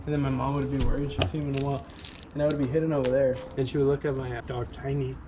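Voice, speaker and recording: A man's voice: mid-range voice, flat delivery, very fast. Rambling man telling a story outdoors. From Oregon, US. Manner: rambling, full of "like" fillers. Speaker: local farm resident telling a story. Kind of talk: casual storytelling. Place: outdoors on a farm. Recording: noisy outdoor recording.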